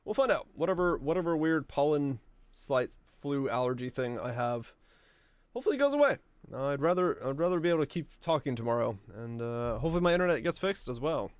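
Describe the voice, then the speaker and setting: A man with a hoarse, raspy voice chatting offhandedly and joking while streaming a game. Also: medium pitch, lively intonation, fairly quick, dry recording. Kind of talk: casual gaming stream chat.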